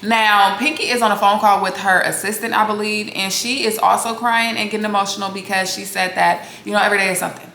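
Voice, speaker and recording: A woman recaps a reality show in a blunt, sassy, profane way, talking straight to her viewers. Her voice is bright and forceful. The sound has a roomy echo with a faint hiss behind it. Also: medium pitch, fairly even intonation, fast talker, gravelly, few pauses. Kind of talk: casual opinionated recap. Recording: echoey room with faint noise.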